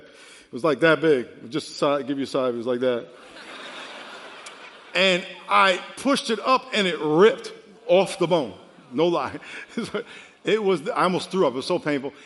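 A man in his fifties, a pastor preaching a sermon with animated storytelling that swings from quiet to loud. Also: a little high. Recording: long reverb of a large hall.

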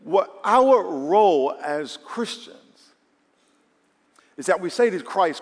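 A male preacher giving a sermon, animated and acting out quoted voices. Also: high-pitched, slow pace, long pauses. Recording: long reverb of a hall.

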